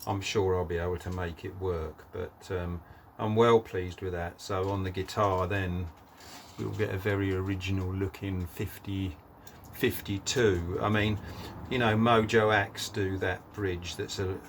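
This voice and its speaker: A man's voice: low voice, level tone, unhurried, a little hiss or hum. A man talking casually through a guitar build in his workshop, rambling with lots of fillers. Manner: rambling, many fillers and "sort of thing".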